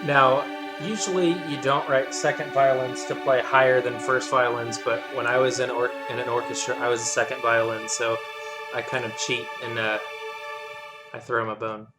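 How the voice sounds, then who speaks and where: A man at an ordinary pitch talks through his orchestral arrangement in a loose, easygoing way. He breaks into sung syllables to show each part. Orchestral music plays clearly behind him. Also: moderate pace. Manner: hums and scats parts aloud, relaxed and self-deprecating. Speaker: composer teaching orchestration. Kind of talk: casual walkthrough lesson. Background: orchestral playback music.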